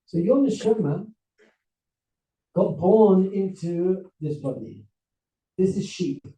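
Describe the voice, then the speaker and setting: A man with a somewhat high but very dark, mellow voice lectures to a seminar crowd, telling a story with lively acted-out voices. He sounds some distance from the mic, in a roomy, echoing hall. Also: takes it slowly. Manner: animated, acts out characters with voices and laughs. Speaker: rabbi giving a seminar talk.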